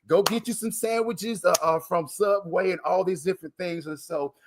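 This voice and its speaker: A man's voice: sits high, normal speed, a little hiss or hum. A man being interviewed on a live video broadcast, talking emotionally and in a preacher-like way, with many fillers and repeated words. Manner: emphatic and preacher-like, calling the listener "man". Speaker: guest, transplant recipient and coach. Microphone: live video call broadcast.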